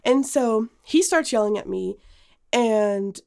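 A woman's voice: on the high side, slow pace, vocal fry. A young woman co-hosting a podcast, telling a personal story in casual chat, full of fillers and restarts. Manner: animated storytelling with many fillers. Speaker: podcast co-host.

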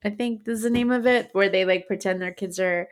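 A woman's voice: mid-range voice, a little fast. Chatty woman telling a story. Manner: animated storytelling, swears freely. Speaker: podcast co-host. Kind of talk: casual chat.

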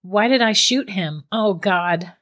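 A woman's voice: mid-range voice, unhurried, natural voice. A woman voicing a frightened young man in shock, pleading desperately in a storybook reading. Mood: panicked.

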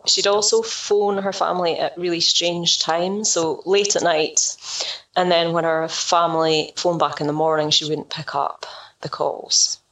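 Woman with a gravelly lowish voice walking through a case on a podcast, a bit off mic. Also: measured pace, far from the mic, poor audio. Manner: relaxed, conversational retelling. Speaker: podcast co-host telling the case. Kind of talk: casual storytelling chat.

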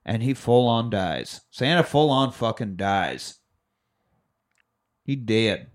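A man co-hosting a movie podcast, walking through a film's ending in casual chat. His pitch jumps around a lot as he tells it, and he swears freely and slips into quick voices for the characters. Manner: profane, animated retelling with quick voices for characters. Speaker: podcast co-host.

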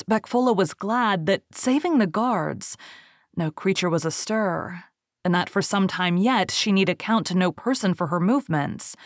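A woman narrating a storybook in a measured, literary way. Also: on the low side, dry recording, clean studio sound. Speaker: reader.

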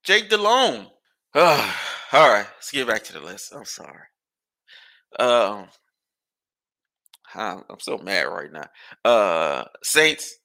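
A man hosting a podcast, ranting and rambling about sports in an animated, exasperated way and swearing freely. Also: on the low side, takes it slowly, gravelly, long pauses. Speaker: podcast host.

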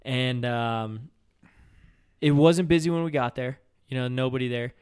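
A man co-hosting a fishing podcast, telling stories in a loose, casual way. He is animated and acts out the other people's lines with raised voices. His pitch sits in a middle range. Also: measured pace, clear, resonant tone. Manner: animated storyteller, acts out shouts in quotes. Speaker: fishing guide and podcast co-host. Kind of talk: casual storytelling chat.

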